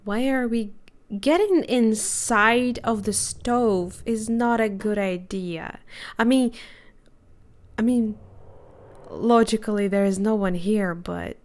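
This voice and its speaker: Slow-talking woman streamer, chatty asides. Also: mid-range voice. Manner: chatty, jumpy, self-mocking asides. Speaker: game streamer. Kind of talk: casual let's-play commentary.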